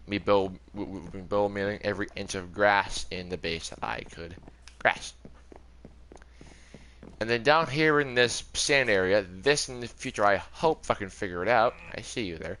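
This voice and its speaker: A man's voice: on the low side, moderate pace, fairly bright tone. A young man giving a casual, rambling tour of his game world, often correcting himself as he goes. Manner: rambling, chatty, self-correcting. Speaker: gaming video creator.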